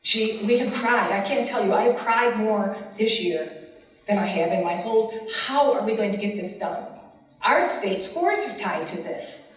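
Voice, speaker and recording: A woman's voice: medium pitch, animated, normal speed. A middle-aged woman with a Western New York accent, a teacher giving earnest public testimony at a hearing. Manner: earnest, pleading, voice rising with emotion. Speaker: special education teacher testifying. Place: large hall, heard from a distance. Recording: echoey hall, mic far off.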